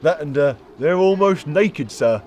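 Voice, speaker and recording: An actor playing a deferential, hesitant young British army private in a comedy sketch. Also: male voice, fairly high pitch, animated, unhurried, a little mellow, slight background noise. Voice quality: deferential, hesitant, keeps saying sir.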